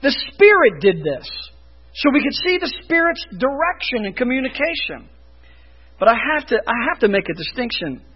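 High, animated preaching man, lo-fi. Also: moderate pace, breathy edge. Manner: emphatic preaching, rising for emphasis and dropping low. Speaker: pastor. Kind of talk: sermon.

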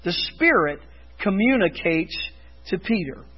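High, animated preaching man, lo-fi. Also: a little slow, breathy edge. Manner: emphatic preaching, rising for emphasis and dropping low. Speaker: pastor. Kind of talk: sermon.

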